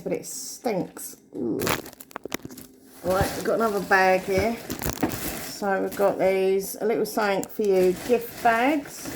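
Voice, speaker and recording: A woman's voice: medium pitch, noisy background. A woman, rambling and thinking aloud to the camera while vlogging her day at home and out and about. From England. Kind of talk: casual day-in-the-life vlog chat.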